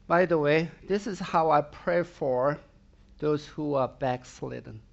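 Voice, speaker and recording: A man preaching a sermon in a slow, deliberate cadence, his fairly high voice roughened by a gravelly edge. He is emphatic and direct, and he often checks in with the congregation through rhetorical questions. The recording sounds dull and lo-fi. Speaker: pastor.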